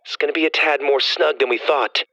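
A man's voice: a little high, steady tone, brisk, vocal fry, bright, forceful tone, no echo, lo-fi sound, voice pushed up. A man voicing a dry, sarcastic young woman cadet. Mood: hushed.

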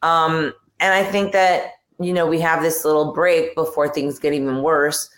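A woman's voice: low-pitched, level tone, normal speed, echoey room. A woman guest on a podcast talking frankly and irritably in casual conversation, trailing off with fillers. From New York and New Jersey area.

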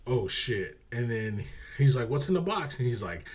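A man's voice: medium pitch, sing-song, moderate pace, breathy edge. A man co-hosting a podcast in casual chat, rambling through a movie plot and acting out quotes. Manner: rambling, laughs often, acts out quotes in a dropped voice. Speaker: podcast co-host.

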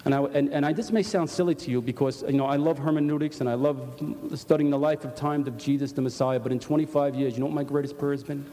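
Older man, new york accent, earnest testimony, mellow dark voice, long church reverb. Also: mid-range voice, fairly even intonation, fast talker, few pauses. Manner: earnest storytelling with repeated restarts. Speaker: church member giving testimony. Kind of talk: spoken testimony to a congregation.

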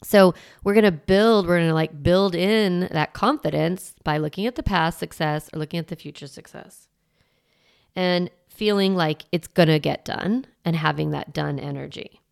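A woman in her forties talks through a solo parenting podcast. Her voice sits fairly low with a gravelly, fry-edged texture. She keeps it casual and chatty, coaching her listeners with encouragement and plenty of "like" and "you know". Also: moderate pace. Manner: casual and chatty, filler-heavy, laughs easily.

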